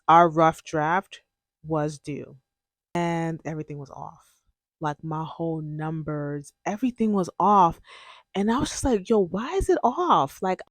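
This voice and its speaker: A young adult host shares a personal story casually, speaking with an ordinary mid-range pitch in a candid, emotional way. Breaking into both laughter and tears, they relive moments by quoting and acting out their own past words. The audio is close and dry, with no room echo.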